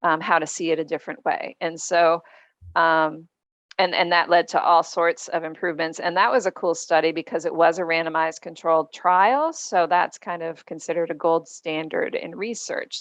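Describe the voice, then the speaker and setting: Lower-voiced woman explaining earnestly. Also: dry recording. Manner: explanatory, earnest, with frequent ums. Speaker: guest author. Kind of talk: podcast interview conversation.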